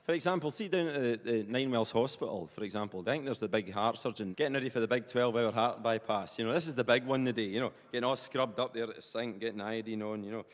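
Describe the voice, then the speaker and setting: A man's voice: medium pitch, fast, few pauses. A man with a Perthshire Scottish accent doing live stand-up comedy, chatty and rambling with lots of colloquial asides. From Scotland. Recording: live stage with long hall reverb.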